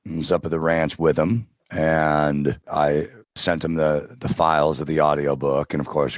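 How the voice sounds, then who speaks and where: A man telling stories as a podcast guest in casual interview chat, relaxed, now and then trying out character voices. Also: rumbling low, no room sound, clean studio sound. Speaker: podcast guest, audiobook narrator.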